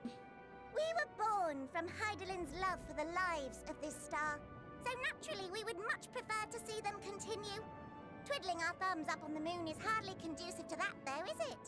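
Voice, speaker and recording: A chatty, prim little rabbit creature in a video game. Her voice is extremely high and squeaky, briskly scolding. Game music sounds clearly behind her. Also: animated.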